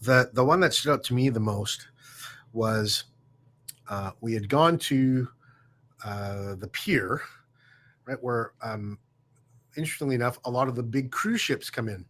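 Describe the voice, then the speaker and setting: Bright-voiced man telling a story. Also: medium pitch. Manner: warm, reflective, halting with fillers. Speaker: guest. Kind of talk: casual storytelling.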